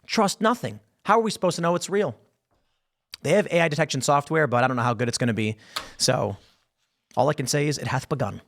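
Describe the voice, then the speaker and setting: A man hosting a show, talking through the news in casual, opinionated commentary. His voice sits a little high for a man, and he keeps throwing out rhetorical questions. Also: fairly quick, vocal fry, fairly bright tone. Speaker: show host.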